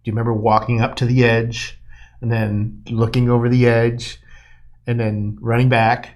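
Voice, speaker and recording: A man co-hosts a podcast and tells a personal story in a casual, animated way. His voice sits at an ordinary middle pitch, and he acts out the moments as he goes. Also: moderate pace. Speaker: podcast co-host.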